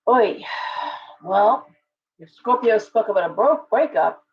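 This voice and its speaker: A woman with a gravelly edge in her voice hosts a casual live tarot reading. She thinks out loud, restarting her sentences and chatting to viewers as she turns the cards. The audio is dull and lo-fi, like a home stream. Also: mid-range voice, animated, slow.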